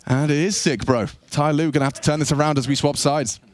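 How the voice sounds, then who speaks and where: A man doing esports play-by-play with a slightly worn voice, joking around and jumping up in pitch on big plays. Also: fast. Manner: jokey, voice climbs high in exciting plays. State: voice worn from weeks of casting. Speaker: esports caster. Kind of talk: play-by-play commentary. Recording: clear background noise.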